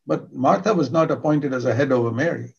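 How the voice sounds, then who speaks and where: Earnest older man preaching, gravelly. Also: medium pitch, brisk, darkish tone, dull audio. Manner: earnest, emphatic, repeats key words. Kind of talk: sermon.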